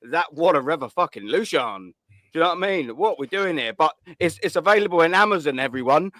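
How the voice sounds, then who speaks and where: A man's voice: a little high, animated, brisk, bright, forceful tone, no echo, clean studio sound. A man hosting a live call-in stream, talking in blunt, laddish banter full of swearing. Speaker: host of a call-in show. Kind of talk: casual live stream chat.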